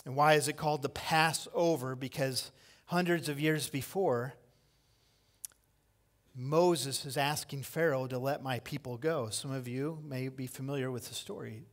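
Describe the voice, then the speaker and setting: A man preaching a sermon as pastor, swinging between loud impassioned cries and hushed lines and repeating key phrases for emphasis. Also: medium pitch, measured pace.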